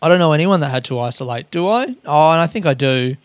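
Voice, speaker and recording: An Australian podcast host talks fast in a fairly high voice, loosely rambling through a solo monologue. He swears often and mocks himself throughout, and the recording is dry.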